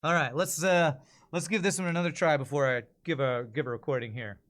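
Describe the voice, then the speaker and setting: Man thinking out loud on a stream. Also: fairly high pitch, fairly quick. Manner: thinking out loud, self-correcting. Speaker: streamer practicing voice-over. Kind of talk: casual live stream chat.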